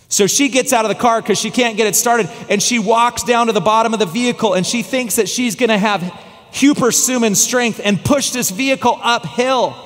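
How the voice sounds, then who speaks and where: Male pastor, high voice in a reverberant church. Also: a bit bright. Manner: dramatic, slowing and dropping low for tense moments. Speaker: guest pastor. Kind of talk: sermon storytelling. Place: church sanctuary. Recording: long church hall reverb.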